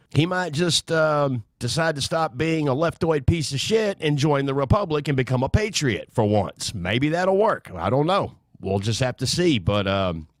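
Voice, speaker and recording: A man's voice: mid-range voice, no echo. A man hosting a political commentary show, talking bluntly and sarcastically, with plenty of swearing.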